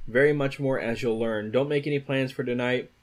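A gloating old man who runs a school with a fixation on order, read aloud by a man. He sounds self-satisfied and menacing, and his voice sits at a middling pitch. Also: fairly even intonation, fairly quick, natural voice.

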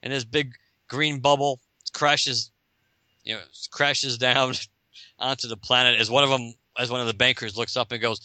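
A man's voice: medium pitch, normal speed, clean tone, dry recording. A man hosting a podcast, casually recapping a comic book with frequent laughs and acted-out lines. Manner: animated, laughing, acting out scenes. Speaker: podcast host.

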